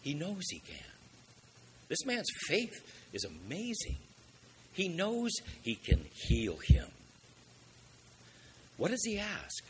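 A man's voice: high voice, wildly swooping pitch, slow pace, long pauses, slight background noise. A man preaching a sermon, asking rhetorical questions and building up with emphatic swells in volume.

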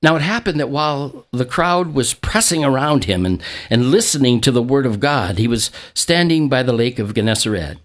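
A man delivering a sermon, his voice rising and falling widely as he acts out the lines. He repeats himself in quick restarts and lets out a chuckle now and then. His pitch sits in an ordinary middle range. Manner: animated, acts out quotes with a jumping pitch. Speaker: pastor. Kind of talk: sermon with scripture reading.

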